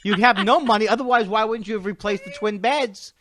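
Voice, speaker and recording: A man's voice: high-pitched, brisk, fairly bright tone, a little hiss or hum. A man, a guest comedian, tossing in incredulous wisecracks during casual banter.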